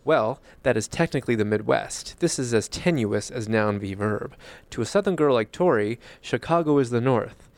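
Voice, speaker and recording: A man's voice: medium pitch, animated, moderate pace, no echo. Dry-sounding male podcast co-host. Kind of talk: casual chat and reading a listener email aloud.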